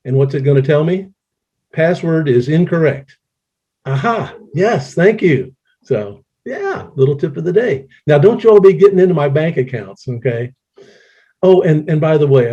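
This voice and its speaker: A man's voice: mid-range voice, warm tone. A man in his sixties giving a casual online laughter yoga presentation, joking playfully and breaking into laughter, recorded on a home computer mic with dull lo-fi audio. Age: 60s.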